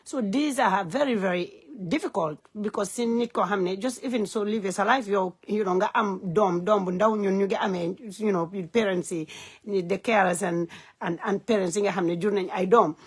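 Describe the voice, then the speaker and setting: A woman speaking unscripted on a live stream from her phone. She is earnest and heartfelt, and she talks haltingly with many "um" fillers as she switches between languages. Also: mid-range voice, breathy edge. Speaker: live-stream host and advocate.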